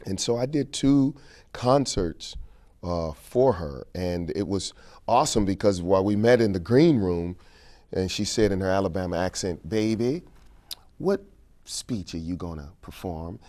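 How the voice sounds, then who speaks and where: A man's voice: sits low, moderate pace, dark tone. A man from St. Louis in an interview, telling stories and repeating phrases for emphasis. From St. Louis, Missouri. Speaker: keynote speaker and King speech performer. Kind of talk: interview conversation.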